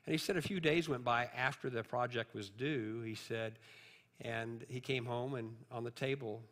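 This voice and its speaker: Male preacher, mid-pitched, storytelling sermon that swells to emphatic peaks, in a church with a long reverb tail. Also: a bit bright. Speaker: pastor.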